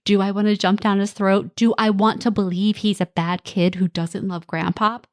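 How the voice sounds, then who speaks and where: A woman talks as a parenting coach on her own podcast. Her voice sits in a middle range and comes across plain and direct. She reassures her listeners while acting out quick lines from kids and parents. The sound is dry and close, with no room around it. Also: medium pitch, level tone, dry recording. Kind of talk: solo podcast talk.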